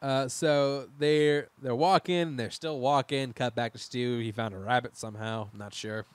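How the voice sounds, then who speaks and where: A podcast co-host chats casually as he recaps a TV miniseries scene by scene, rambling, laughing and often restarting his sentences. His voice is medium-pitched, fairly even in intonation, unhurried, clear and resonant, with no echo.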